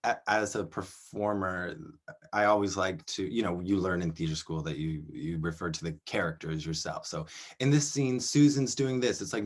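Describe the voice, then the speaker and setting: A man in his thirties from Canada, a performer talking in a casual interview, chatty and animated, laughing often between his words. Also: deep voice. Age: 30s. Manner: chatty, animated, quick to laugh, many fillers.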